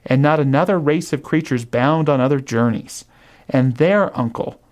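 Earnest young nephew voiced by a male reader, pleading, pitched well up, storybook reading. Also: darkish tone, lightly acted. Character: earnest, cheerful young man pleading with his uncle.

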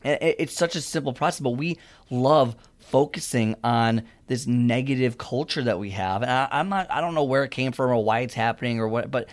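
A man's voice: medium pitch, brisk. Earnest rambling man giving fitness advice. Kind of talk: casual motivational monologue.

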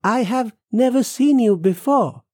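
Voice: medium pitch, animated, a little slow, a little mellow, no room sound, clean studio sound, voice pushed up. A storyteller playing a nervous man who raises his voice to press a stranger with urgent questions. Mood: anxious, urgent. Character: startled man confronting a stranger at night.

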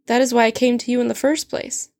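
A woman's voice: fairly high pitch, little pitch movement, fast talker, vocal fry, a little mellow. A woman reading a story aloud, voicing a clever, indignant teenage schoolgirl who protests in a flustered, rising way.

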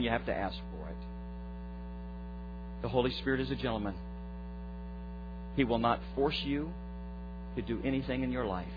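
A man preaching as a pastor, giving a short devotional in an earnest way that grows lively when he retells a story. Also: mid-range voice. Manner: earnest preaching that turns lively and loud in retold stories. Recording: dull lo-fi recording with faint mains hum.

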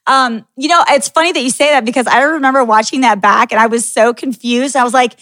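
Woman podcast host, kinda high voice, laughs a lot, swears, super dry close sound. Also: brisk, few pauses, fairly bright tone, dry recording. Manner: candid, swears, laughs often. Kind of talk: casual interview chat.

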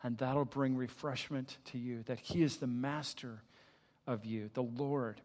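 An older man preaching a sermon as a pastor, telling a personal story with energy, then dropping to a soft, hushed voice in prayer. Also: medium pitch, fairly even intonation, measured pace, long reverb tail. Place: church sanctuary.

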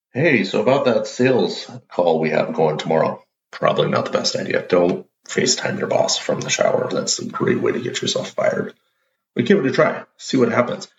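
A man's voice: low voice, vocal fry. A man hosting his own show, telling a playful story in a casual, upbeat monologue. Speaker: show host. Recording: roomy, dull lo-fi audio.

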